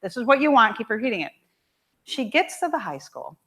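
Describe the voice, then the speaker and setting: A woman minister delivers a sermon in a church. Her voice sits a little high, and she speaks emphatically and expressively. She slows down to repeat her key lines. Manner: emphatic and expressive, with measured repetition. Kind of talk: sermon with storytelling. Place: church sanctuary.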